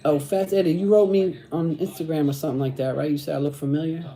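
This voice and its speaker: A man's voice: on the high side, steady tone, fast talker, mellow. A middle-aged man chatting casually on a livestream, using street slang and repeating phrases. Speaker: host reading live chat.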